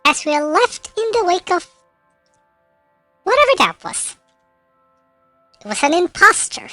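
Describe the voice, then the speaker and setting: High-pitched woman reading game narration. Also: sing-song, a little slow, pushed and bright, dry recording, soft background music. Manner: reads with slips and self-corrections. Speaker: streamer.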